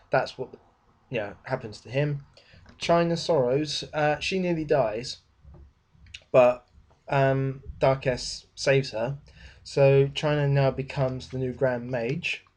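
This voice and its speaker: A man's voice: mid-range voice, unhurried, darkish tone. A young man giving a rambling, casual spoken book review. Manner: rambling, with many fillers and restarts.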